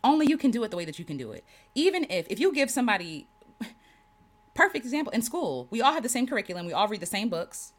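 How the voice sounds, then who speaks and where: A woman livestreaming casual talk to viewers as a creative coach, affirming and animated, repeating key phrases and laughing often. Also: fairly high pitch, quick pace.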